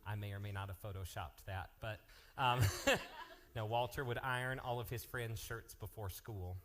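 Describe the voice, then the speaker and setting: A man working as a youth pastor, making lively, joking announcements and telling stories to a live youth group. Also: lowish voice, moderate pace. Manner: energetic, joking, jumps between topics.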